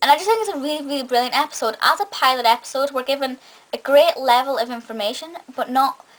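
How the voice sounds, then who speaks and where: A woman's voice: high voice, fast talker, a bit bright, poor audio. A young woman giving an enthusiastic, chatty spoken review of a TV episode, often restarting her sentences. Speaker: film and TV reviewer.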